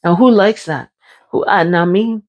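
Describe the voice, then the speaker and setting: A woman's voice: mid-range voice, measured pace, darkish tone, muffled recording. A woman, talking candidly and emphatically in a personal vlog, repeating phrases as she goes. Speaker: brain injury survivor sharing her experience.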